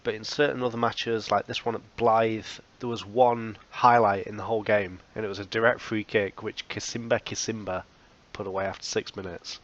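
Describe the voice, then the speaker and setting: Man, low voice, wry game commentary, casual, lo-fi muffled recording. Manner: wry, self-mocking humor. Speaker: let's play host.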